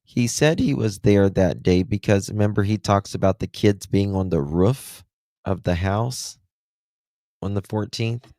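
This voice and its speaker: A male live-stream host with a very deep voice talks slowly and sarcastically, teasing the man in the recording. His voice is close and dry. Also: warm tone, no room sound. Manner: sarcastic, taunting. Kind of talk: mocking live commentary.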